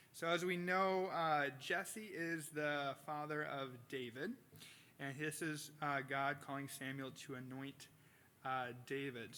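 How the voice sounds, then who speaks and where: A male pastor giving a casual sermon, reading scripture and telling stories with animated impressions. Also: fairly high pitch, slight background noise. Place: church sanctuary.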